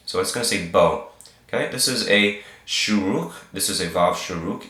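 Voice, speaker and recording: A man with a very low voice walks learners through a reading lesson at his computer. He goes slowly and patiently, repeating every sound. The room adds a noticeable echo. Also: bright, forceful tone. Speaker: Hebrew teacher. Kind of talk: screen-share reading lesson. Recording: roomy echo.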